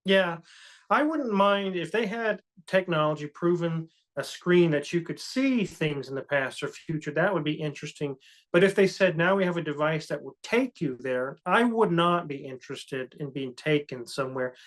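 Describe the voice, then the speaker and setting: A man's voice: on the high side, animated, normal speed, fairly bright tone. A man co-hosting a podcast, talking in an earnest, cautious, reflective way in casual chat. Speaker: co-host.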